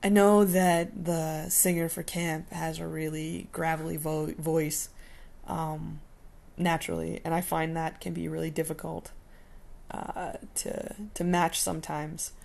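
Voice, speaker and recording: A woman singing a cover song and then chatting casually about it in quick, laughing asides. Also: deep voice, flat delivery, vocal fry, a little mellow.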